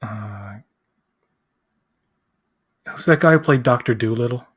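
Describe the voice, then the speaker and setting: A man's voice: mid-range voice, slow, a bit bright, breathy edge. A man co-hosting a live pop-culture chat, rambling, acting out quotes and searching aloud for names. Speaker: co-host. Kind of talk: casual chat.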